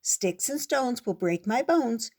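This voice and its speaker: A woman's voice: on the high side, lively intonation, slow pace, a little mellow, voice pushed up. A woman voicing a cheerful, rambling male fly who is a bit dim. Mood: chirpy, rambling.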